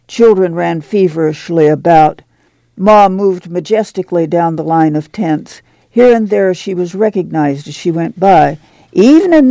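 Gravelly, dark-toned man narrating. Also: a little high, dry recording. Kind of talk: audiobook narration.

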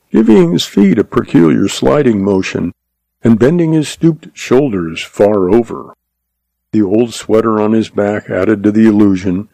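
A man reading a western story aloud as narrator in steady storytelling. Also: lowish voice, creaky, no room sound. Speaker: audiobook narrator. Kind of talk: scripted narration.

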